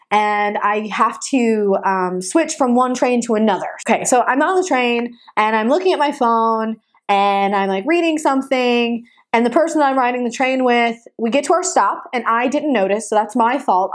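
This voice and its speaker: High-voiced woman vlogger, casual, animated, exasperated. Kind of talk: casual storytelling to camera.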